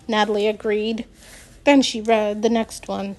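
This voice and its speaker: A woman's voice: medium pitch, flat delivery, unhurried, a little mellow, poor audio. A woman reading a novel aloud at an easy pace, now and then stumbling and rereading a phrase, with casual asides to listeners. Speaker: reader.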